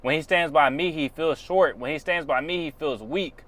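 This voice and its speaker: A man's voice: a little high, moderate pace, a bit bright. A man on his own channel giving blunt, preachy motivational advice in casual, slangy speech. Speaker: YouTuber.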